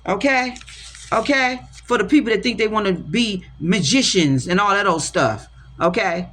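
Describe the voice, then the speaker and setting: A woman's voice: mid-range voice, normal speed. Passionate woman tarot reader, street slang. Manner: passionate, slangy, repeats herself, swings from soft to loud. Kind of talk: casual spiritual talk to viewers.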